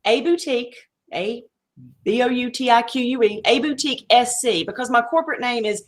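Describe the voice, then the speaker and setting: A woman with a Southern US accent talks in a relaxed, friendly way as a guest. Her voice sits a bit high. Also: brisk. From South Carolina. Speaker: guest, boutique owner. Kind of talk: casual chat.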